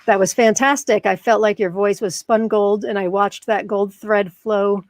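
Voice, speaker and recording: A woman's voice: mid-range voice, steady tone, moderate pace, no echo. An American woman hosting a live interview, bubbly and self-deprecating, laughing often and using many fillers. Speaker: host. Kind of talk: live-stream interview chat.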